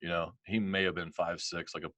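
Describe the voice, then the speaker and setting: A middle-aged man, a podcast guest, telling a personal story in casual talk, animated and full of "like" and acted-out dialogue. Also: low voice, brisk, no echo. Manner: animated, heavy on "like" and quoted dialogue.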